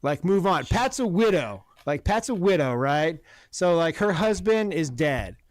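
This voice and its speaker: A man telling a long profane story about his neighbor in casual podcast chat, animated and blunt. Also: fairly high pitch, a little slow, no room sound, studio quality. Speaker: podcast host. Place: Oregon.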